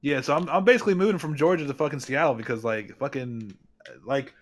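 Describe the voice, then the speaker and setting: A man's voice: mid-range voice, fast. A man chatting casually on a stream, rambling through half-formed ideas, swearing and laughing often.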